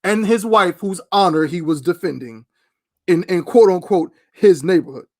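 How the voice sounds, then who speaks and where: High-voiced man, animated and emphatic. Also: moderate pace. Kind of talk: casual podcast chat.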